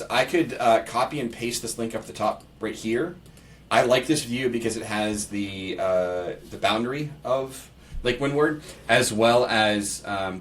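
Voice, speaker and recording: A man from Pittsburgh talks through a screen-share tutorial in a low, easygoing voice, thinking aloud and reading template text aloud as he goes. The mic sits a little far from him. A faint background hiss runs under the speech. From Pittsburgh, United States. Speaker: real estate agent giving a software tutorial. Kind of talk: casual screen-share walkthrough. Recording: slightly distant mic with faint background noise.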